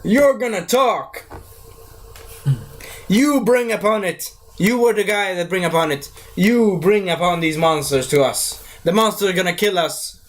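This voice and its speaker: A man voicing an angry male townsman who accuses slowly and insistently in a raised voice. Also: high voice. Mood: accusing.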